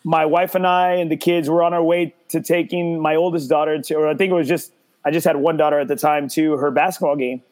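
A man with a high-pitched voice hosts a podcast. He tells stories in an animated way and pokes fun at himself in casual chat. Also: brisk. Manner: animated storyteller, self-mocking. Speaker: podcast host.

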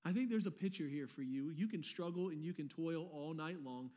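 Male pastor, high voice, sermon, casual slangy preaching, repeats words, long hall reverb. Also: a little fast, warm tone.

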